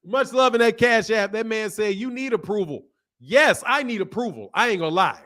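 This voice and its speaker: A man hosting a live boxing talk stream, reading out donations, animated and laughing with loud outbursts. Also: high-pitched, brisk. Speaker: boxing channel host.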